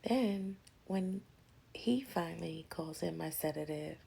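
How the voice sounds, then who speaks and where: A woman casually telling a personal story, animated and slangy, often dropping into breathy whispers. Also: fairly low pitch, takes it slowly, a little hiss or hum.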